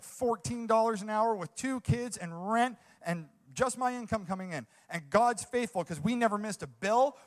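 High-voiced earnest young man preaching. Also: fairly bright tone. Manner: earnest, enthusiastic, repeats himself. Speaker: youth pastor preaching. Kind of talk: sermon.

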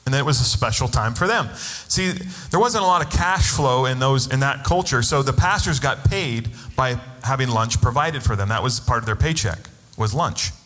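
A man's voice: mid-range voice, expressive, moderate pace, few pauses, fairly bright tone, in a large hall, soft background music. A man preaching a sermon as a pastor, telling a personal story and acting out the voices of the people in it. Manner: storytelling, acts out quoted voices.

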